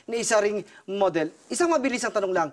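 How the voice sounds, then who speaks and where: A man's voice: sits high, lively intonation, quick pace, very noisy. A man doing a hammy Filipino talk-show host. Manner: playful, hammy, switches between English and Tagalog. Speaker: comedy sketch host. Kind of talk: comedic mock interview.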